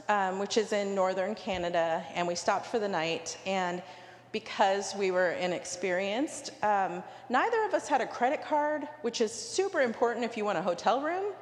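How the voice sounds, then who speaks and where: A woman canon delivers a sermon from a cathedral pulpit, her voice carried on a long, ringing reverb. She speaks at a middle pitch and springs into lively, acted dialogue when she quotes people. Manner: animated storyteller acting out quoted dialogue. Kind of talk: sermon with personal storytelling. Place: large cathedral. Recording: roomy hall with long reverb.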